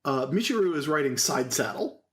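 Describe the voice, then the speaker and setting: A man's voice: medium pitch, lively intonation, moderate pace, fairly bright tone. A man co-hosting a podcast in casual chat, gushing with enthusiasm. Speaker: podcast co-host.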